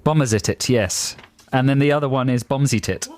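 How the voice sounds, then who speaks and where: A man's voice: medium pitch, brisk, darkish tone. A man co-hosting a radio show, reading emails with wry, chuckling asides. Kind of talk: comic banter reading listener emails. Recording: dry radio studio.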